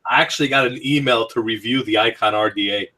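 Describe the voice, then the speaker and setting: A man's voice: lowish voice, fast, bright, forceful tone, a little hiss or hum. A man co-hosting a casual podcast chat, joking and laughing often.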